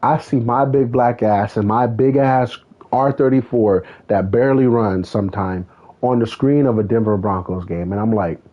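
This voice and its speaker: A man's voice: mid-range voice, moderate pace. A man streaming a racing game, chatting casually and telling a rambling story with lots of swearing. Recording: tinny phone-like sound.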